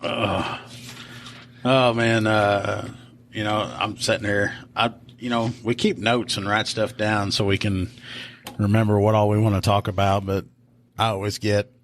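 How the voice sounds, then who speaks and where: Guy with a lowish voice co-hosting a podcast, laughs a lot. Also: little pitch movement, measured pace, a little hiss or hum. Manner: joking, laughing asides. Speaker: podcast co-host. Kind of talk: casual podcast chat.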